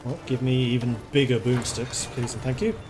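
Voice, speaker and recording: A man's voice: mid-range voice, normal speed, over music. Man chatting through a strategy game. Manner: thinking aloud, chatty and playful. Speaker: game streamer. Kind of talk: casual gameplay commentary.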